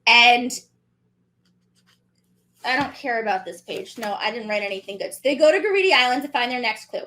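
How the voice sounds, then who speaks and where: Woman co-host, 30s, high voice, chatty and animated, casual recap talk. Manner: chatty, animated, quick asides. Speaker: podcast co-host.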